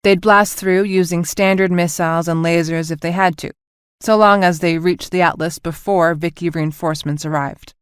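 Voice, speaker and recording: A woman narrating a science fiction audiobook with an even, clear reading, voicing all the characters herself. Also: on the low side, normal speed, no echo, studio quality.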